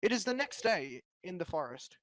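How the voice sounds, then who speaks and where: Young guy reading a story out loud over voice chat, kinda high voice, dry sound, cracking jokes in between. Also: sing-song, moderate pace, no echo. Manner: reads with joking asides and laughs, half-hearted character voices. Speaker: storyteller reading a film transcript to friends. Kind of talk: casual reading aloud in voice chat.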